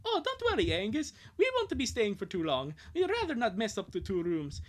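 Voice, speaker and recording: A woman's voice: mid-range voice, huge pitch swings, brisk, pitched above the performer's own voice. A woman voicing an earnest young runaway boy. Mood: grateful. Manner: earnest, pleading.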